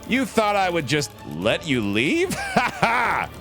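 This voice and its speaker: A high, cackling jester who gloats over his trapped guest, as a man puts him on. His voice leaps sharply upward and swings wildly on every taunt. He sounds delighted with his own trickery. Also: wildly swooping pitch, slow pace, gravelly, music in the background, heavily acted. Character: gleeful mocking male jester captor.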